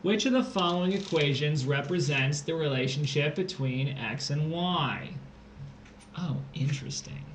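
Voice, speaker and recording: A man's voice: on the high side, moderate pace, few pauses. A young man tutoring test prep on a casual livestream, joking and theatrical. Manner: playful, jokey, theatrical. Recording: echoey room, faint background noise.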